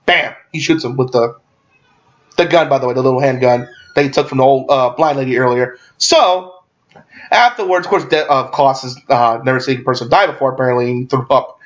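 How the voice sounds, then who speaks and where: A man's voice: fairly high pitch, expressive, a little fast. A man giving a casual movie review, rambling and swearing, with lots of fillers and restarts. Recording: dull lo-fi recording.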